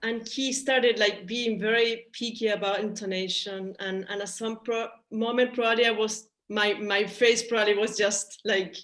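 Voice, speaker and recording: A woman's voice: medium pitch, fairly even intonation, moderate pace, hardly any pauses, fairly bright tone. A woman from Chile with a Chilean Spanish accent, a Spanish native speaker, chatting casually and often ending sentences with "no?". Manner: adds "no?" to sentences, hesitant restarts. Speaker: musician guest. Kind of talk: casual conversation. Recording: echoey room.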